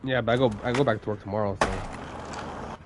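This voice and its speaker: A man's voice: fairly low pitch, moderate pace, noisy background. A young man streaming, who is getting over a cold and coughs now and then, talking in a rambling, profane way full of fillers. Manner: rambling, profane, heavy use of "like". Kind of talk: casual stream chat.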